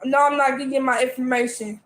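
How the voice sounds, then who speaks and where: A woman's voice: high voice, steady tone, fast talker, fairly bright tone, low-quality recording. A woman ranting on a livestream, defiant and repeating herself. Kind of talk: livestream rant.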